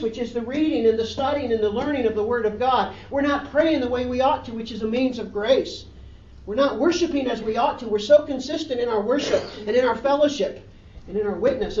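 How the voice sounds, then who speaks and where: A woman's voice: a little high, darkish tone, slight background noise. A woman preacher delivering a sermon with emphatic, repetitive stress on key phrases. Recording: dull, roomy sound picked up from a distance.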